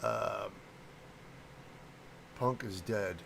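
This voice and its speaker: Middle-aged Midwestern-raised man, low gravelly voice, loose rambling host chat with viewers. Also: fairly even intonation, drawn-out words, noisy background. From American Midwest. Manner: rambling, chatty, greets viewers, stumbles over names. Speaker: livestream host and prop maker. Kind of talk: casual livestream chat.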